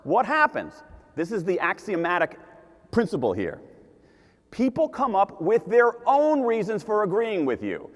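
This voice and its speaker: Man, keynote speaker, animated and emphatic, lively pitch, big hall reverb. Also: normal speed. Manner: animated, emphatic, repeats key points. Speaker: conference speaker. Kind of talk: keynote talk to a live audience. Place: large conference hall.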